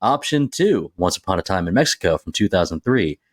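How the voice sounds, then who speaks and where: A man's voice: low voice, sing-song, brisk, no room sound, studio quality. A man co-hosting a movie podcast, chatting casually and reading out film picks with enthusiasm. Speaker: podcast co-host.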